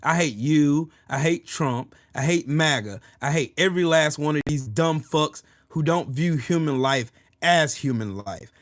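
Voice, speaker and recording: A man's voice: on the high side, a little slow, hardly any pauses, no room sound, studio quality. A man hosting a livestream, delivering a heated, profane political rant and answering chat comments. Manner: profane, heated, repetitive ranting. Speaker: livestream host.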